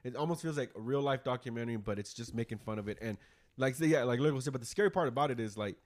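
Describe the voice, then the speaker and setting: A man's voice: medium pitch, very fast. A man hosting a casual podcast, retelling a movie in a rambling, profane way. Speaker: podcast host. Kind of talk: casual chat.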